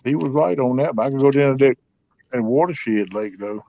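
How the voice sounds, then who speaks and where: A man's voice: mid-range voice, brisk, vocal fry. A man, telling heartfelt stories in a folksy, drawling way during a casual chat. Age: 50s. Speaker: host. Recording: dull lo-fi sound, dry.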